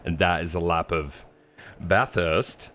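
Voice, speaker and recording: A man's voice: sits low, fairly even intonation, slow, a bit bright. A man commentating a sim race live, joking and teasing his co-host. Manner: jokey, playful teasing.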